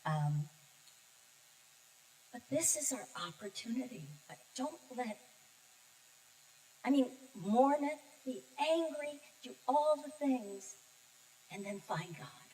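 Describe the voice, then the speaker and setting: An older woman minister giving a heartfelt, personal sermon, telling her story with pauses and emotion. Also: fairly high pitch, very animated, a little mellow, a little hiss or hum. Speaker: guest minister. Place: church sanctuary. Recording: distant mic in a reverberant sanctuary.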